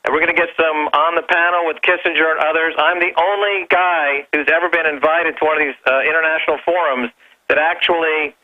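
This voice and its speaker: A man's voice: a little high, steady tone, a little fast. A man calling in as a guest on a talk radio show, brash and provocative, on a phone line. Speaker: guest commentator. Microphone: telephone.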